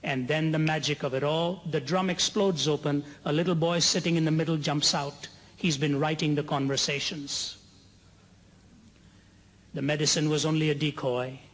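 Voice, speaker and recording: A man's voice: fairly high pitch, fairly even intonation, fairly bright tone. Man, preacher, earnest storytelling, rising to fervent peaks, reverberant hall. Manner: earnest storytelling, slows for emphasis, builds to soaring climax. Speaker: evangelist preacher. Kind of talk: sermon to a large gathering. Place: large conference hall.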